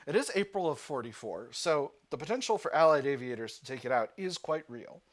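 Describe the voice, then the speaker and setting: Speaking a little fast in a medium-pitched, animated voice, this let's-play host reads on-screen game text aloud. He mulls over his decisions out loud, stumbling through fillers and restarts.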